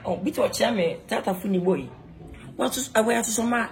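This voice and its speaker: A man's voice: sits high, brisk, slight background noise. A man with a Ghanaian accent performing an improvised comedy skit, rambling and laughing as he talks. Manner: rambling, laughing, breaks into singing praise. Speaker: comic actor.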